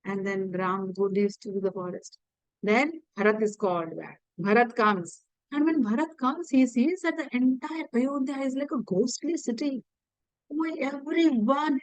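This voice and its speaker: A woman with an Indian English accent retells an epic as a lesson, in a high voice. She halts, repeats words and uses many fillers. The recording is dry and close. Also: dry recording, low-quality recording. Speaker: teacher. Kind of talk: storytelling lesson.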